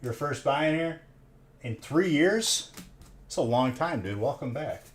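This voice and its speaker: A livestream host opening trading card packs banters and jokes with chat, counting scores aloud and saying "dude" a lot. His voice is a little high, animated, and a little slow.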